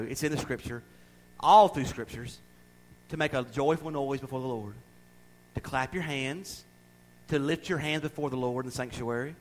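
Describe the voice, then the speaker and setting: Middle-aged preacher, emphatic delivery, somewhat high-pitched. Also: male voice, poor audio. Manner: emphatic, drops into quiet asides. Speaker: pastor. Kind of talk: sermon.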